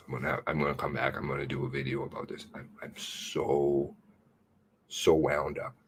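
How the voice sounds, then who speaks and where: A man hosting his own channel, reading out a news release in a furious, swearing rant that swings from shouts to hushed mutters. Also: rumbling low, flat delivery, moderate pace, a little hiss or hum. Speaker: channel host.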